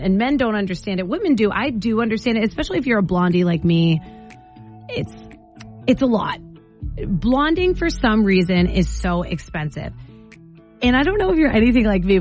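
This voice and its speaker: A woman hosting a morning radio show, telling a story in a chatty, animated way with playful asides, speaking into a studio microphone. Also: mid-range voice. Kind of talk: casual on-air chat.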